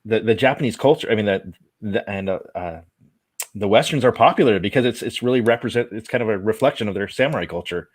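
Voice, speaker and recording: A man's voice: fairly low pitch, lively intonation, fast talker. A man in a casual video chat, talking in an easygoing way and chuckling as he lists examples.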